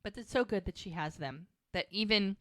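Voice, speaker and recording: Woman, podcast co-host, casual recap chat, quotes characters, middle pitch, dry close sound. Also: normal speed, fairly bright tone, no echo. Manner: retells scenes with quoted lines, chatty.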